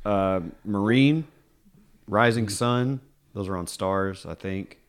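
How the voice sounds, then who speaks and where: A man's voice: fairly low pitch, slow, clean tone. A man hosting a podcast in casual chat, laid-back and trailing off mid-sentence. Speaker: podcast host.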